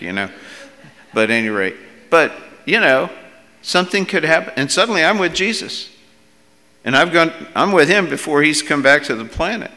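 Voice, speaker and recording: In a big-sounding room, a middle-aged pastor with a mid-range voice delivers his sermon in an easy, conversational way. He sometimes raises his voice sharply when acting out quotations.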